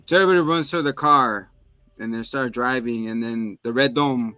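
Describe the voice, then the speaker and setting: A man casually recapping a TV episode, acting out characters in sudden high voices, laughing and swearing often. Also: moderate pace, faint music behind. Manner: animated, acts out characters in bursts of high voices. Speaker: podcast co-host recapping a TV episode. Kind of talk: casual chat.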